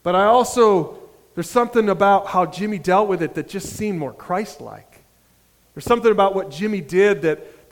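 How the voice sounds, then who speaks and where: A male pastor telling a story in a sermon, animated, with frequent restarts. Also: on the high side. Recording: reverberant hall.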